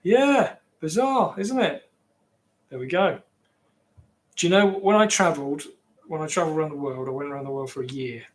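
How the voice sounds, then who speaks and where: A man's voice: a little high, normal speed, long pauses. A man from England with an English accent, rambling casually as he chats with viewers on his livestream. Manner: rambling, chatty, reacting to viewers. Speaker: livestream host.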